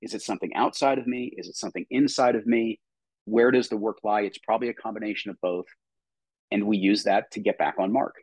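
Male coach guest, reflective tone, low and slightly husky, dry recording. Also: steady tone, quick pace, darkish tone, no room sound, low-quality recording. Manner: reflective, laughs easily. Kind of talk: conversational interview.

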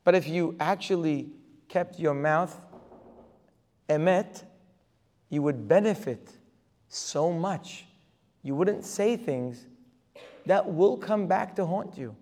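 A man's voice: on the high side, slow, pauses often, darkish tone. A man giving a religious lecture as a Torah teacher, emphatic and full of rhetorical questions. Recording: long reverb of a hall.

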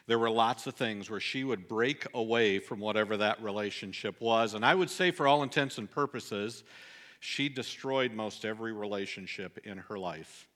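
A middle-aged man delivering a sermon, telling a personal story earnestly and dropping soft and low at the sad moments. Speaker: pastor.

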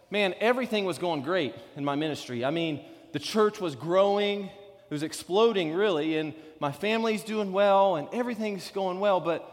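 A man preaching a sermon as pastor, earnest and conversational, telling stories to the congregation. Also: high voice. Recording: long hall reverb.

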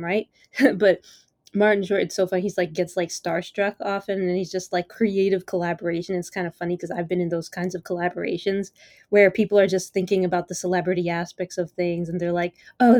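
A woman hosts her own podcast and talks at length on her own, easily amused and eager. Her speech wanders, full of "like" and "you know." Her voice sits on the low side for a woman, and the sound is dry with no room echo. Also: little pitch movement, a little fast, a little mellow. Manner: rambling, lots of "like" and "you know". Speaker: podcast host. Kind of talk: casual solo chat.

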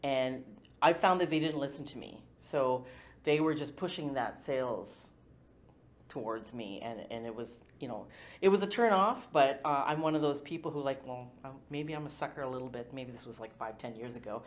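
A woman's voice: extremely low pitch, moderate pace. A woman hosting a podcast interview, talking in a chatty, rambling way with plenty of fillers. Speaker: podcast host. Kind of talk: casual interview chat.

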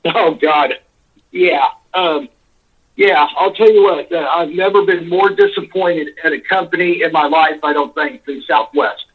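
Guy calling in on a crackly phone, kinda high voice, rambling, fed up, swearing a lot. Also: measured pace. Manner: rambling, exasperated, swears freely. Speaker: caller. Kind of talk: casual phone-in storytelling. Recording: tinny phone line.

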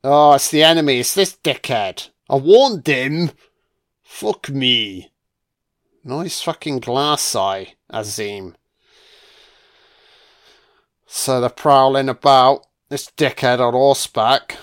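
A man's voice: medium pitch, takes it slowly, a bit bright, clean tone. A man doing a casual, crude film commentary, swearing freely and mocking the characters.

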